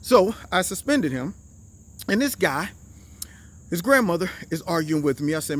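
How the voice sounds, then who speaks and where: A man's voice: high-pitched, lively intonation, normal speed, a bit bright. A man hosting a casual commentary show, telling stories in slang and acting out the people he quotes. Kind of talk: casual political commentary and storytelling.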